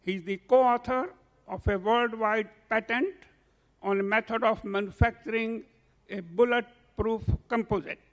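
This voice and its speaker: A man chairing a conference, formally introducing a speaker by reading out a list of achievements in a measured way. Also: high voice, steady tone.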